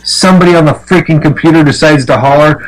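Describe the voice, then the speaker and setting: A man's voice: on the high side, fast talker, poor audio. A man calling into a chat show over a video call, grumbling and swearing a lot. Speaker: call-in guest. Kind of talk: casual chat.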